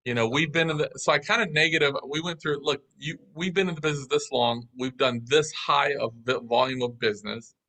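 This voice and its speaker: Animated storytelling man, bright voice. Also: fairly high pitch, fairly quick, hardly any pauses, poor audio. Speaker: guest. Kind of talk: storytelling in an interview.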